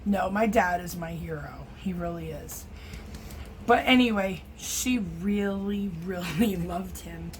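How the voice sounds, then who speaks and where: In a low-quality recording with a little hiss or hum, a middle-aged acrylic pour artist rambles chattily and teases herself as she paints at home in her studio. Her voice is lowish, and she takes it slowly.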